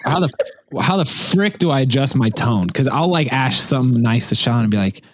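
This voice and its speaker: A man's voice: medium pitch, expressive, fairly quick. A man guest on a podcast, talking casually and using a lot of slang. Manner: casual slangy, says bro and dude.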